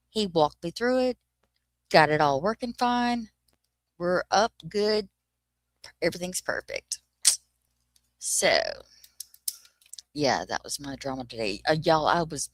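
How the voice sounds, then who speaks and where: Low-voiced woman ranting on a livestream. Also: dry recording. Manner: ranting, swears freely, drops into a whisper. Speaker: livestream host. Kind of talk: casual livestream chat.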